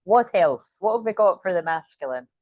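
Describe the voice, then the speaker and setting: A woman's voice: fairly low pitch, expressive, normal speed, no room sound, phone-quality sound. Rambling, giggly woman reading tarot. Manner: rambling, giggly, sweary, full of asides. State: tired. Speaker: tarot reader. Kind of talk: casual tarot reading chat.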